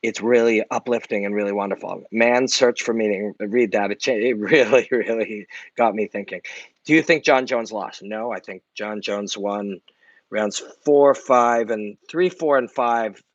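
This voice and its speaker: A man's voice: on the low side, measured pace, no room sound. Male livestream host, candid, reflective, swears often, dull dry lo-fi sound. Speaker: martial arts analyst and channel host. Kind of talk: casual livestream chat answering viewer comments.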